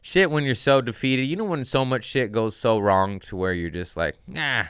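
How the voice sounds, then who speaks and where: A man's voice: medium pitch, moderate pace, fairly bright tone, clean tone, no room sound, clean studio sound. A man, a comedian hosting his podcast, telling a rambling, profane story in a wry, casual way.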